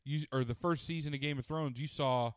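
A man's voice: medium pitch, fairly quick, clean tone, no echo, studio quality. A man chatting casually and crudely, animatedly retelling a show and quoting its characters. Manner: profane, animated retelling with quoted voices.

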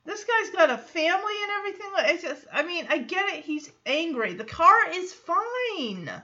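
A woman hosting a podcast, recapping an episode in a casual, animated way and acting out quotes. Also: moderate pace, highs cut off. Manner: animated, acts out quotes in lowered voices. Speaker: podcast host.

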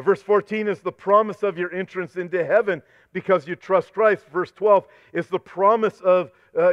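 A man's voice: a little high, no echo, lo-fi sound. A male pastor preaching a fervent sermon, quoting scripture and losing his voice.

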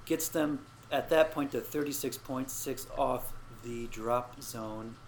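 A man's voice: mid-range voice, a little hiss or hum, poor audio. Casual man recapping football results. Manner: swears freely, quick jokes. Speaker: podcast co-host. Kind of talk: casual sports chat.

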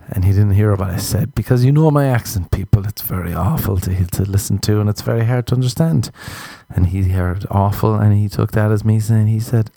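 Male podcast comic, dark mellow tone, crude rambling delivery, dry close sound. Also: fairly low pitch, fairly quick, gravelly, few pauses, no echo. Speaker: podcast host. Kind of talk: comedic monologue. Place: Los Angeles.

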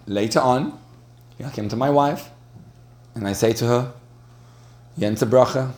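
A man's voice: medium pitch, expressive, normal speed, long pauses. A man speaking to a live audience, telling a story in a chatty way with frequent restarts and laughter. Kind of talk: storytelling talk on marriage.

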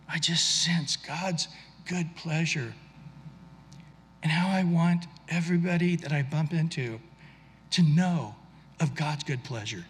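Guy preaching a sermon, earnest and chatty, kinda husky, big echoey hall. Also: fairly high pitch. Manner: earnest, conversational preaching with restarts. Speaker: pastor.

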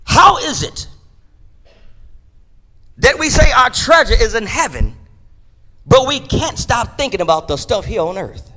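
A man preaching a sermon in church, in a call-and-response style that swings between shouts and quiet asides. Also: very high voice, sing-song, measured pace, long pauses. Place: church sanctuary.

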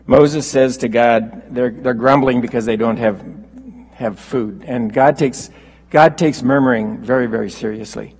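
A man preaching a sermon, unhurried and halting with fillers, rising when he quotes scripture. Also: mid-range voice, a little mellow, slightly rough, long reverb tail, low-quality recording.

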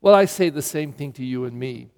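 A man's voice: medium pitch, animated, brisk. A middle-aged male pastor giving a blunt, emphatic sermon full of rhetorical questions during Mass. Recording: long church reverb.

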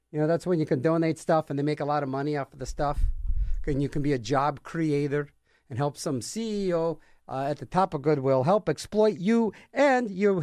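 A man's voice: a little high, dry recording, studio quality. A man hosting a music radio show, chatting casually between records and rambling through jokes and acted-out little scenes.

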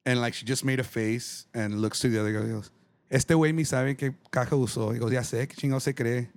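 Fast-talking man telling road stories. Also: medium pitch, no room sound. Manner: animated, swears freely, acts out quoted people. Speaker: podcast guest. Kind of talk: casual storytelling chat.

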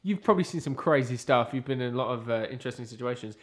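A man's voice: medium pitch, expressive, racing. A man co-hosting a casual chat, talking in a loose, rambling way with jokes and lots of filler words. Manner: loose, rambling, jokey, full of "like". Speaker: podcast co-host.

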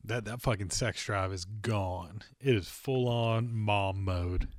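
A man's voice: on the low side, slow, no echo, clean studio sound. A man co-hosting a casual podcast, talking bluntly and swearing often. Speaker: podcast co-host.

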